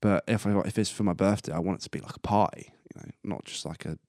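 Deep-voiced young man rambling on a podcast. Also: fast, darkish tone, no echo, studio quality. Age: 20s. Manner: rambling and self-amused, laughing at his own jokes. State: coughing and burping now and then. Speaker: podcast host. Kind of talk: casual solo podcast monologue. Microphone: close podcast mic.

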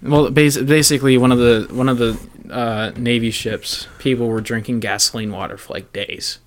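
A man's voice: mid-range voice, fairly even intonation, moderate pace, slight background noise. A young man, a comedian guest on a podcast, rambling in casual chat and acting out little voices for his bits.

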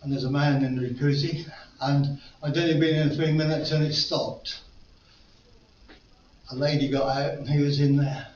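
Older preacher in echoey hall. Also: male voice, fairly high pitch, steady tone, normal speed, a little mellow, slight background noise. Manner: storytelling, earnest, rising to fervent appeals. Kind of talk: sermon. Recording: echoey room, distant mic, dull sound.

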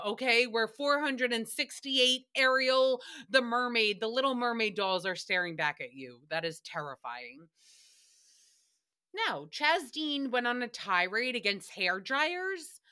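A young woman hosting a podcast, recapping a show in a casual, joking way, swearing freely and slipping into quick silly voices. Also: fairly high pitch, sharp tone, smooth. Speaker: podcast host.

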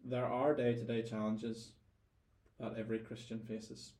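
A man's voice: medium pitch, level tone, unhurried, darkish tone, roomy sound. A man with a Northern Irish accent, a guest telling stories in a casual interview, thoughtful and often repeating words as he gathers his thoughts. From Northern Ireland.

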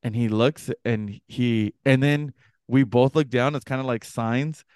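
A young man co-hosting a podcast, telling a story casually and acting out the other people's voices with big jumps in pitch. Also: unhurried, clear, resonant tone, no room sound, studio quality. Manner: animated, acts out quoted voices with pitch jumps. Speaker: podcast co-host.

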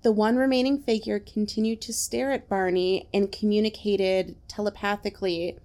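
A woman's voice: medium pitch, fairly even intonation, normal speed, darkish tone, smooth. A woman co-hosting a podcast, casually retelling a strange story with lots of fillers. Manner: chatty, retells events with many fillers like "like". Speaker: podcast co-host telling the story.

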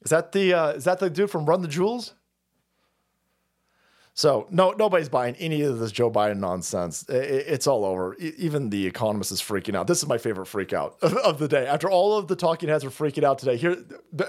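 Man, streamer, profane mocking rant, high voice, very animated. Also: a little fast. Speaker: streamer host. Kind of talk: ranting political commentary stream.

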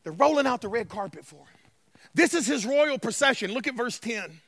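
A male pastor preaching a sermon, swinging from shouted declarations to hushed passages and calling out to the congregation. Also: very high-pitched, lively intonation, brisk, no room sound. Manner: calls to the congregation, y'all. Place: church sanctuary.

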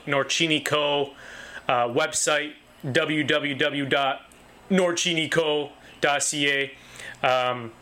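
A man with a slightly raised, bright and forceful voice pitches his butcher shop with eager enthusiasm. He stacks up repeated phrases and stumbles into restarts as he talks. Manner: enthusiastic, repetitive, many restarts. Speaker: butcher shop owner, guest. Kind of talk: casual interview talk.

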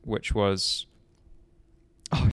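A man's voice: very slow, a bit bright, dry recording. A young man and racing driver co-hosting a podcast in casual, joking banter. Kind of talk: casual chat.

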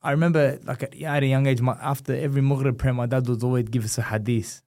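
Man, 30s, animated storyteller, mid-range voice, casual interview guest. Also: mid-range voice, fast. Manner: animated storyteller, acts out dialogue. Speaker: guest, former boxer.

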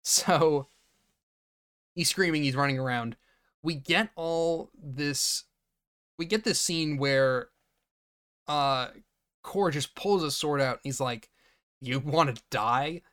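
A man's voice: on the high side, slow, pauses often, clean tone. A man co-hosting a podcast, casually recapping a movie and acting out its characters' lines with frequent laughter. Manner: animated retelling, acting out lines, laughing often. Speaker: podcast co-host.

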